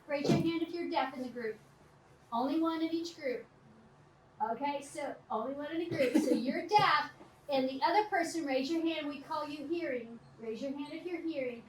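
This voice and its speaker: A middle-aged woman teacher giving animated, directive instructions to a class of children, laughing often. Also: high-pitched. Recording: roomy, distant, noisy classroom.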